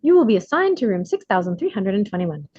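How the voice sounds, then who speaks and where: A woman's voice: medium pitch, sing-song, fast talker, a little mellow, breathy edge, dry recording, highs cut off. A woman voicing a male demon greeting arrivals at hell's gate in a courteous, clipped, bureaucratic manner.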